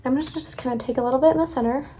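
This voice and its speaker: A woman's voice: sits high, very fast, mellow, husky. A young woman vlogger chatting casually to her viewers while doing her makeup and hair. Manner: chatty, talks to viewers as "you guys". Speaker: beauty vlogger. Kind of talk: casual get-ready-with-me chat.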